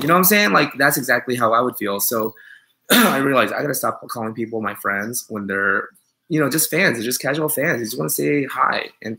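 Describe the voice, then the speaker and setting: A young man chats on a live stream, reading out comments and answering them with rambling, sarcastic jokes. His voice is bright and forward, with a gravelly edge. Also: mid-range voice, brisk, low-quality recording. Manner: joking, sarcastic, rambling, with mock-offended asides. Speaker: groomer hosting a live stream.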